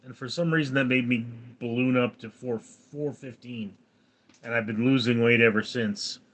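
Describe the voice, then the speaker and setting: A man's voice: medium pitch, steady tone, normal speed, a bit bright. A man in his forties hosting a casual livestream, reading out viewer comments and answering them dryly. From California. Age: 40s. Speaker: livestream host reading chat.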